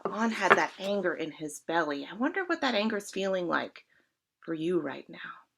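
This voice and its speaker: A woman reading a children's story aloud at a church service, expressive and speaking directly to her listeners. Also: on the low side, moderate pace, creaky.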